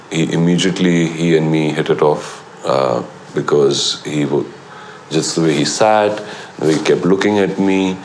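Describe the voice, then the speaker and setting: This middle-aged film actor, interviewed for a documentary, is a lively storyteller who performs quoted lines. His voice rumbles low against slight background noise.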